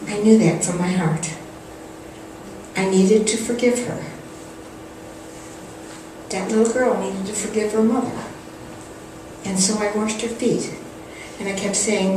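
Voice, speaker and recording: A woman's voice: medium pitch, steady tone, slow, pauses often. An older woman giving a spiritual talk and earnestly telling a personal story, acting out the quotes. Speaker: spiritual teacher. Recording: echoey hall, distant mic, faint noise.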